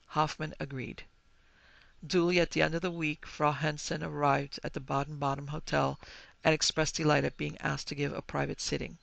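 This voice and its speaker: A man hosting a podcast, narrating a ghost story in an even, measured way. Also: a little high, vocal fry, no echo. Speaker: podcast host.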